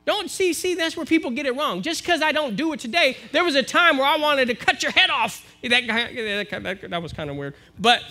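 A man with an American accent preaching a sermon to his congregation, building to forceful exhortation. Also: very high-pitched, sing-song, fairly quick, few pauses. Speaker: minister. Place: church, live-streamed service.

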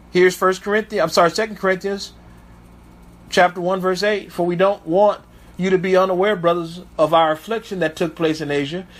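A man preaching as a pastor, reading Bible verses aloud and breaking off to comment with emphatic asides. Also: high-pitched. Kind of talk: sermon with scripture reading.

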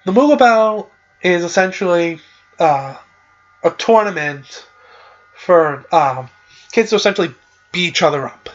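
An expressive podcast host with a medium-pitched voice recaps a game's story in an unhurried, rambling way, pausing often and saying "like" and "uh" a lot. The audio has its highs cut off.

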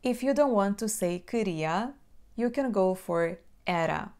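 A woman with a Portuguese accent teaching a language lesson. She explains plainly and repeats phrases slowly to demonstrate them. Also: mid-range voice, lively intonation, darkish tone, smooth.

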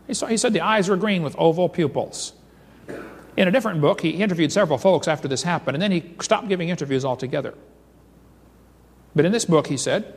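Man, seminar speaker, fairly high voice, lively storyteller, long hall reverb. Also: fast talker, breathy edge. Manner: animated storyteller reading accounts aloud.

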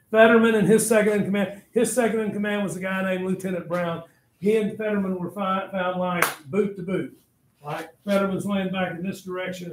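A male history teacher telling a story to his class in a dramatic, blunt manner and speaking straight to the students, recorded in an echoey classroom. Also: high-pitched. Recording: echoey classroom, faint noise.

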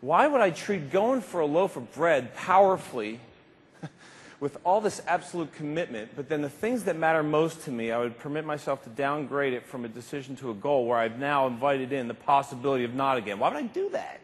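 A man's voice: medium pitch, fairly quick. Man giving a keynote in a big hall. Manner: animated, emphatic, acts out little scenes. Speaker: keynote speaker. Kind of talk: motivational keynote speech. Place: large convention hall. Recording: reverberant hall, faint background noise.

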